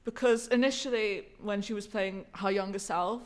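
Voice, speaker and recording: A woman's voice: mid-range voice, moderate pace. A woman co-hosting a podcast, giving an earnest, analytical review of a theatre show. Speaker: podcast co-host reviewing a musical. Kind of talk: casual review chat.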